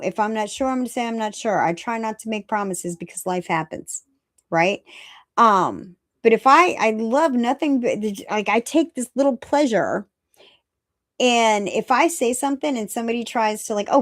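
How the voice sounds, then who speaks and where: A woman in her fifties talks in a casual, blunt way, leaning on repeated phrases for emphasis and poking fun at herself. Her voice sits at an ordinary middle pitch, and the sound is close and dry with no room around it. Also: dry recording. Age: 50s. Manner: blunt, self-mocking, laughs at her own jokes. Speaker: recovery meeting host. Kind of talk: casual live-stream talk.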